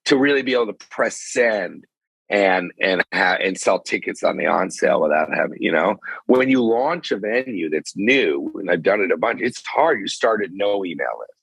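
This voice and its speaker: Husky-voiced man talking casually. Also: sits low, no echo, rough recording. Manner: animated, rambling, talks in quick bursts. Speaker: venue owner and concert promoter. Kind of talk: casual chat. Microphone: phone call.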